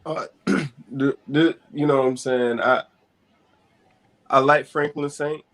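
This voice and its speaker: A man's voice: medium pitch, fairly even intonation, slow, fairly bright tone. A man in a casual live-stream chat who stumbles into his points and laughs along.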